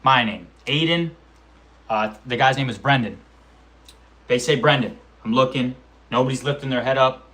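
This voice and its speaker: Young male vlogger, slangy and animated, mid-pitched voice, casual storytelling. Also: normal speed, long pauses. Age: 20s. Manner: animated, slangy, profane storytelling with acted-out quotes and sound effects. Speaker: amateur MMA fighter vlogger.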